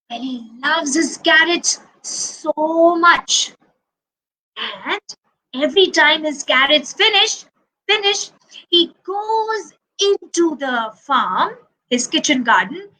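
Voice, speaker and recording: Animated storyteller woman. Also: high voice, slow pace, rough recording. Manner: animated, asks the children questions, acts out actions. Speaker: storyteller for preschool children. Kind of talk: children's storytelling.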